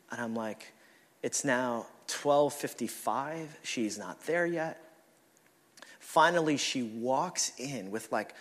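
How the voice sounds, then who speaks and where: Male pastor preaching, lively self-mocking storyteller, slightly high voice, long church-hall reverb. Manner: animated, self-deprecating, laughs often. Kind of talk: sermon with personal storytelling.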